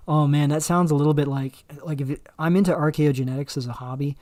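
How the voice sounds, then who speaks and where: A man hosting a livestream, talking in a rambling, halting way with many fillers and restarts. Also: a little high, steady tone, a little mellow, dry recording. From Canada. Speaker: livestream host. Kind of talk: casual livestream commentary.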